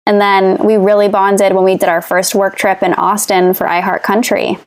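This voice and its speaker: A woman's voice: medium pitch, flat delivery, moderate pace, smooth. A woman guest on a podcast, talking casually and chattily with frequent "like" fillers. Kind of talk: casual chat.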